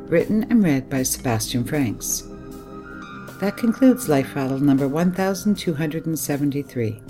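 A woman radio host announcing the end of the show in a formal manner. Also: low voice. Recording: voice over music bed. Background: music.

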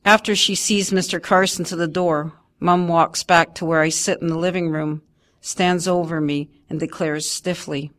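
Woman narrating a memoir in a low voice. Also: steady tone, measured pace, a bit bright.

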